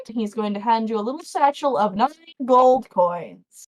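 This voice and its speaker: A woman's voice: high voice, animated, moderate pace, low-quality recording. A woman running a tabletop game as game master, narrating casually and a little flustered.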